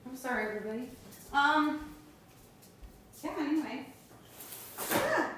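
A woman's voice: sits high, unhurried, echoey room, very noisy. A young woman co-hosting a casual podcast at home, swearing freely and acting out conversations as she tells them. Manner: animated, swears freely, acts out quoted talk. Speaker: podcast co-host. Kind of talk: casual chat. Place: home room.

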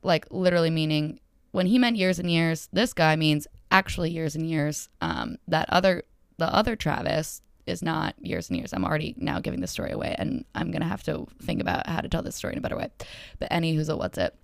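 A woman's voice: low voice, sing-song, brisk, vocal fry, dry recording, clean studio sound. A young woman rambling through a dating story to her followers, chatty and full of fillers, acting out each exchange. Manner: chatty and rambling, filler-heavy, acts out dialogue. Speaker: solo storyteller.

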